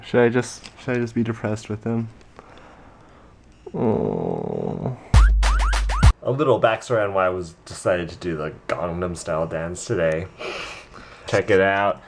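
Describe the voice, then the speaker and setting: A man's voice: on the low side, level tone, normal speed, background noise. A young man vlogging casually, joking and talking to his dog in a playful baby-talk voice. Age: young adult. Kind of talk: casual vlog chat.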